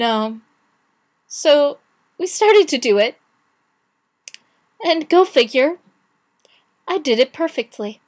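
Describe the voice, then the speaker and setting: A young woman talks to camera in an unhurried, chatty way, pausing and restarting as she retells her day. Her voice sits a little high and she acts out other people's lines as she goes. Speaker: vlogger. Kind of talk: casual chat.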